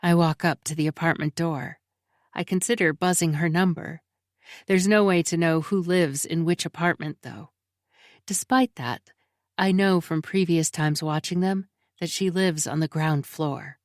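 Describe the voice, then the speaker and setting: A woman's voice: lowish voice, unhurried, dry recording, studio quality. A woman reading a first-person thriller audiobook in a tense, brooding storytelling manner. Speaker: audiobook narrator.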